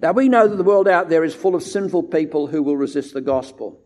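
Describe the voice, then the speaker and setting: A man gives a sermon from the pulpit, pitched a little above most men. He talks steadily and lands heavy stress on the words he wants to ring out. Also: lively intonation, darkish tone. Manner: measured, emphatic delivery stressing key words. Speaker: preacher. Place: church.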